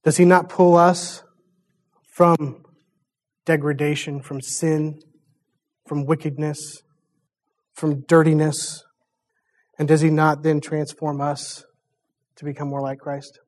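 A man preaching a sermon in a conversational way, chuckling often and telling the story with animation. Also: a little high.

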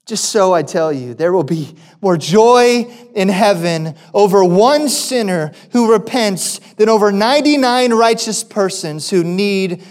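A man's voice: high voice, lively intonation, a little slow, hardly any pauses. A man preaching a sermon, reading scripture and asking the congregation rhetorical questions. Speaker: pastor.

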